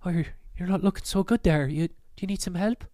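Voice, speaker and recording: A man's voice: fairly high pitch, expressive, unhurried, no echo, studio quality, voice pushed up. A man playing a sneering hooded stranger. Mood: mocking. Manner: mocking, needling, sarcastic. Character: sneering hooded male stranger with maroon skin.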